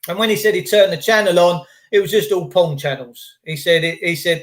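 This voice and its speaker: A man's voice: sits high, fairly even intonation, a little fast, few pauses. Sweary English man ranting on stream. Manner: sweary, blunt, conspiratorial. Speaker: live streamer. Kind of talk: casual live-stream rant.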